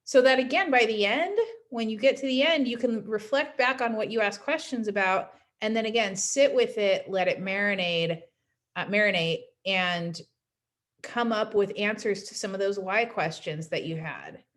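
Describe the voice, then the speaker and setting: A woman's voice: mid-range voice, moderate pace, a bit bright. A woman teaching a class in a casual recorded lecture, chatty and often adding "right?" to check in with her students. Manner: chatty, frequent "right?" tags.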